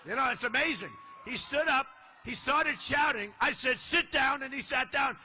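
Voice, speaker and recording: A man's voice: extremely high pitch, normal speed, bright, forceful tone, a little hiss or hum. An older man from the United States giving a boastful, repetitive campaign rally speech, with punchy phrasing. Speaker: political candidate. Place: large indoor arena.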